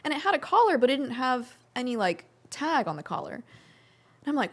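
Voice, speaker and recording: A woman's voice: sits high, sing-song, brisk, breathy edge. A young woman, a podcast guest, telling a story in a casual interview, acting out quotes and using many "like" fillers.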